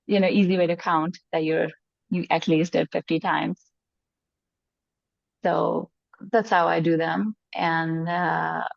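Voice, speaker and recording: A woman's voice: on the low side, creaky, no echo. A woman explaining a personal practice in loose, casual conversation, with lots of "like" and "you know". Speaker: group member sharing a practice. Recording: dull, dry lo-fi sound.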